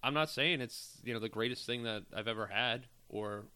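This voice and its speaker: A man with a bright, forceful voice hosts a casual beer podcast. He muses aloud in an easygoing, rambling manner. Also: medium pitch, normal speed, clear, resonant tone. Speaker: podcast host. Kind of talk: casual chat.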